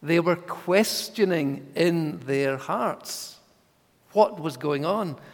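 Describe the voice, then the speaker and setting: A man preaches in a church at a slow, deliberate pace, leaning hard on key words. His voice sits a little high, and a long reverb trails each phrase through the hall. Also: lively intonation. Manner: measured, emphatic, dropping to whispers for voiced thoughts. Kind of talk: sermon.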